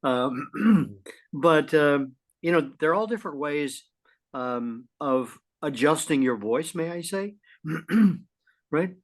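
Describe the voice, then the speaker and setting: A middle-aged man co-hosting a casual talk show, folksy and lively, often clearing his throat. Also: on the high side, slow. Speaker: podcast co-host. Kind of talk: casual conversational chat.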